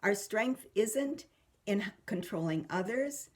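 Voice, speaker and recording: Female parenting host, calm and even, gentle explainer. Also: medium pitch, takes it slowly. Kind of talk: talking to camera about parenting.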